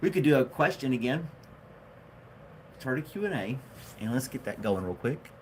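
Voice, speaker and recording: A man chats through a casual home livestream, his voice swinging lively up and down as he jokes and laughs at his own gags. He reads out viewer comments in a relaxed, friendly way. A faint hiss of background noise sits under the voice. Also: mid-range voice, normal speed. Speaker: livestream host. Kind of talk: casual live chat reading comments.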